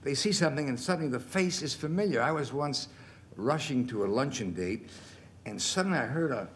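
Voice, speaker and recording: A man in his sixties, a guest on a television talk show, telling animated anecdotes and laughing through the punchlines. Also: mid-range voice, brisk, a little hiss or hum. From United States. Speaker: guest actor. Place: television studio.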